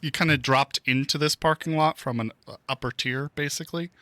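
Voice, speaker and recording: Male game master, bright tone, dry close sound, easygoing. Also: on the high side, a little fast, no room sound. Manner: laughs often, easygoing. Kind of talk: narrating a tabletop game.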